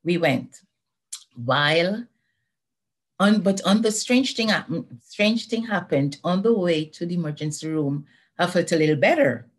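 An older woman giving a personal church testimony, telling it earnestly with frequent pauses and restarts. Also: lowish voice, expressive, breathy edge. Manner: earnest, halting retelling with many restarts.

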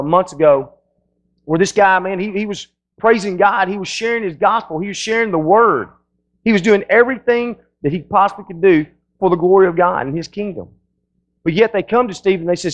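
A man's voice: fairly high pitch, rough recording. A male pastor preaching a sermon in a folksy storytelling way, often restarting his sentences.

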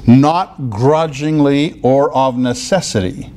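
A man preaching a conversational sermon, now and then mimicking others in a high, exaggerated voice. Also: slow pace, a little mellow, slight background noise. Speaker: pastor.

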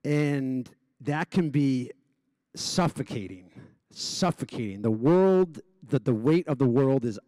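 A man's voice: medium pitch, lively intonation, slow pace, mellow, no room sound. A man who stutters openly, with repeated sounds and restarts, gives a personal speech as an honoree before a live audience. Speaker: gala honoree giving a speech.

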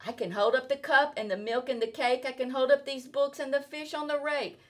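A woman's voice: high-pitched, fairly even intonation, a little fast, voice pushed up, natural voice. A woman doing a boastful storybook cat. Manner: sing-song, exaggerated storybook delivery. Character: playful mischievous male cat, boastful show-off.

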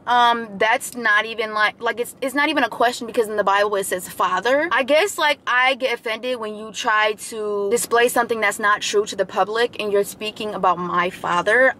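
Driving and talking to her phone camera, a young woman with an American accent rambles through a casual vlog, leaning on fillers and slipping into preachy asides. Her pitch is medium, her tone a bit bright, and a slight background noise is audible.

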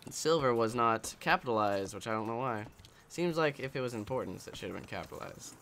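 A man's voice: mid-range voice, expressive, brisk, creaky, fairly bright tone, slight background noise. A man giving casual let's-play commentary while he games, rambling, joking and swearing. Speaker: gameplay commentator.

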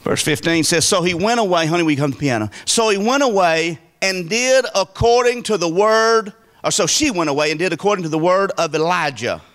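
A man preaching a sermon as pastor, folksy and emphatic, with wide swings of pitch and volume. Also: expressive, brisk, hardly any pauses, fairly bright tone.

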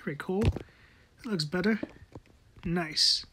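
Casual gameplay commentary, muttering while building, frequent swearing, mid-pitched voice, faint background noise. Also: slow, sharp tone.

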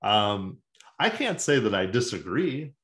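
Casual podcast co-host, man, low-ish voice, sarcastic and animated, roomy echo. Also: a little slow, slight background noise. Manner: sarcastic, animated, jokey asides. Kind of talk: casual sports chat.

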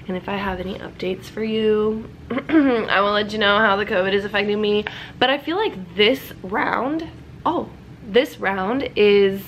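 A woman's voice: mid-range voice, rough recording. Stuffed up young woman vlogging at home, chatty and bubbly, says like a lot, faint hiss behind. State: stuffed up, congested. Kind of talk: casual vlog chat.

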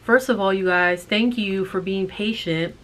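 A woman co-hosting a thrift vlog, chatting and joking with quick asides while still getting over an illness. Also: medium pitch. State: recovering from illness. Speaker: co-host of a thrift channel. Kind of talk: casual chat.

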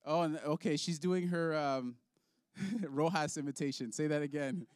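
A playful man runs a hands-on faith lesson for children and laughs easily with his young volunteers. His voice sits fairly high. The sound is dry, with little room echo. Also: normal speed, darkish tone. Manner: upbeat, playful, laughs often. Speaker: children's ministry leader. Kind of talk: object lesson for kids.

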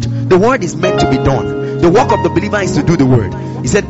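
A man's voice: high voice, big pitch swings, brisk, few pauses, dull audio, loud music behind the voice. A male pastor preaching a sermon with emphasis, repeating his phrases and calling out to the congregation. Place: church service.

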